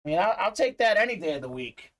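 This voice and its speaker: A man's voice: high voice, sing-song, fast talker, fairly bright tone. A man hosting a live sports memorabilia break, chatting upbeat with viewers, reading their comments aloud and peppering his talk with "uh".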